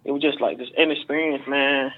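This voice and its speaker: A man's voice: mid-range voice, steady tone, brisk. A man being interviewed as a fighter, telling stories in a rambling, casual way with lots of fillers and swearing. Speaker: MMA fighter guest. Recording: phone-like narrow band.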